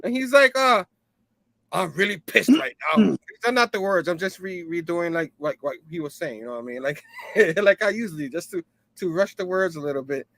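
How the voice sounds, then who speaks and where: Guy recapping comics super casual, high bright voice, keeps laughing, dry close sound. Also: fairly quick, no echo. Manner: laughs often, repeats "you know what I mean"; loosely acts out characters' lines. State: hot and sipping a drink. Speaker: comic book review host.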